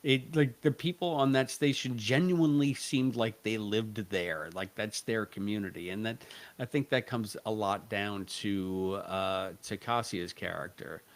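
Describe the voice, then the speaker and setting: A man's voice: on the low side, a little slow. A man co-hosting a podcast, giving a rambling, analytical episode review and often correcting himself mid-sentence. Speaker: podcast co-host. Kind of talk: casual review chat.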